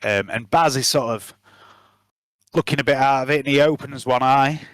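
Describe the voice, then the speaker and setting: A man's voice: mid-range voice, moderate pace, a bit bright, dry recording. A man narrating casually as game master, with plenty of fillers.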